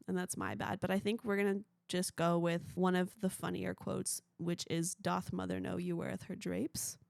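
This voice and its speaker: A woman's voice: medium pitch, gravelly, dry recording, studio quality. A young woman hosting her own movie podcast, rambling casually and peppering her talk with "like.". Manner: chatty, rambling, frequent "like". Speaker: podcast host.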